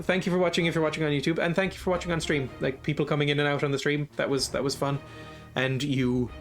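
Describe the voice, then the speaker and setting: A man streaming a strategy game, casually thinking aloud in a rambling way and chuckling often. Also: on the high side. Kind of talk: casual gameplay commentary.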